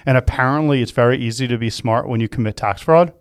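A man's voice: medium pitch, quick pace, no echo, studio quality. Rambling jokey male podcast host. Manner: rambling, self-mocking, jokey. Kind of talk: casual chat.

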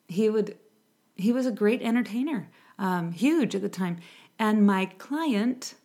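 Chatty woman with a rambling style. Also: medium pitch. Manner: chatty and meandering, with frequent asides. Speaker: music ministry singer and host. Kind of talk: casual talk to viewers before a song.

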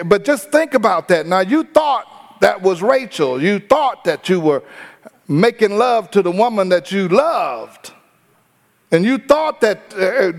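Man preaching in an echoey hall. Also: high-pitched. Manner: storytelling, addresses congregation directly. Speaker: pastor. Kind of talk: sermon.

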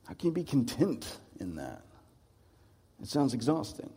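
A man's voice: mid-range voice, wildly swooping pitch, moderate pace, dark tone, breathy edge, big-room sound. A man preaching a sermon, conversational and reflective, with many rhetorical questions.

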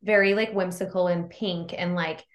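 A woman's voice: lowish voice, steady tone, reverberant. A woman co-hosting a casual podcast chat, bubbly and gushing, peppering her talk with "like". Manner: bubbly, gushing, fast-talking with lots of "like". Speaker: podcast co-host.

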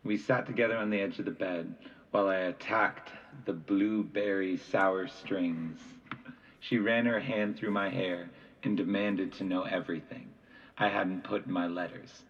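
A man's voice: deep voice, steady tone, measured pace, breathy edge, far from the mic, highs cut off. A man reading a novel aloud as first-person narration in a plain, conversational manner. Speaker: audiobook reader.

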